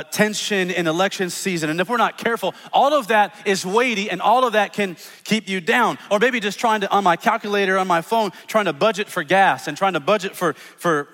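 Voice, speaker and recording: A man preaching a sermon as pastor, earnest, repeating words and dropping soft when he reads scripture, in a church auditorium. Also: sits high. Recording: long hall reverb.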